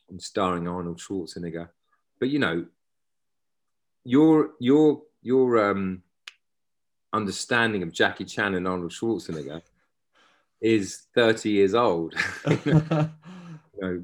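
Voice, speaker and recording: A man in his forties with a fairly low voice. He is a guest actor who rambles through casual stories, restarting his sentences as he goes. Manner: rambling, self-interrupting, anecdotal. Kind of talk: casual interview chat.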